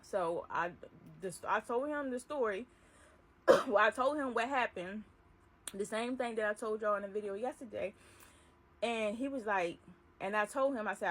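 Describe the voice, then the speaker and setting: A young adult woman vlogger telling a personal story casually, acting out the dialogue in an animated way. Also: on the high side, moderate pace, slight background noise. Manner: animated retelling, acts out dialogue. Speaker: vlogger, delivery driver.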